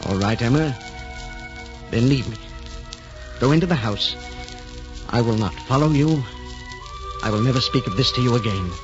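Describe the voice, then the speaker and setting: An actor playing Admiral Nelson, an ardent, heroic naval lover, with an earnest, impassioned theatrical delivery in a 1940s radio drama. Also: male voice, medium pitch, expressive, normal speed, long pauses, natural voice. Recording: muffled old radio broadcast with music.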